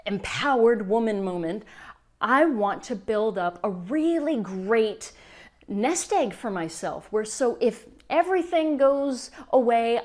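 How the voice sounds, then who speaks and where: A middle-aged woman coach telling a client story to camera, acting out the quoted dialogue with lively energy. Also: mid-range voice. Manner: animated, acts out quoted dialogue. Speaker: law of attraction coach.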